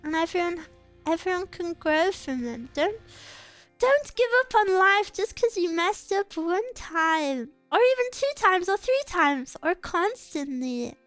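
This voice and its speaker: A woman's voice: very high-pitched, expressive, measured pace, fairly bright tone, dry recording, faint music behind. A woman streamer in a casual live chat, earnestly encouraging her viewers and getting a little choked up. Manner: gets choked up and emotional.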